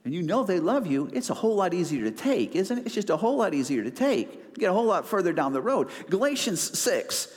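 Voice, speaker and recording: A man's voice: high-pitched, big pitch swings, quick pace, hardly any pauses, long reverb tail. A male pastor preaching a sermon in a conversational, self-deprecating way, acting out little asides.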